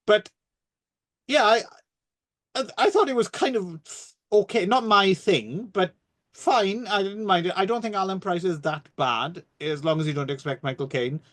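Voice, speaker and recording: A British man co-hosting a podcast, reviewing a film in casual, wry chat and swearing freely. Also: high voice. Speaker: podcast co-host.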